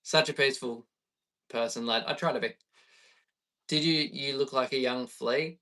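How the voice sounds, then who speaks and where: An Australian man in his thirties, a bass player chatting easygoing with viewers on a live stream. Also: steady tone, moderate pace, pushed and bright, recorded from a distance. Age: 30s. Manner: chatty and easygoing, reading viewer questions aloud.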